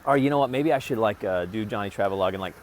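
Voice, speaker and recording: In a casual vlog shot from a parked vehicle, a man swears and rambles to his phone camera in short bursts. He talks quickly in a voice on the low side, with slight background noise.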